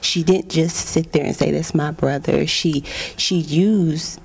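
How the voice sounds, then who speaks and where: A woman's voice: low voice, steady tone, takes it slowly, vocal fry, a little mellow, husky. A woman sitting on a church talk show panel who speaks fervently and opens with exclamations of praise. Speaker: panel guest.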